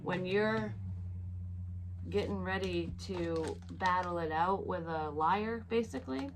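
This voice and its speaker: A woman's voice: lowish voice, slow, noisy background. A woman giving a casual tarot reading, chatty, swearing freely and laughing at herself. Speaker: psychic tarot reader.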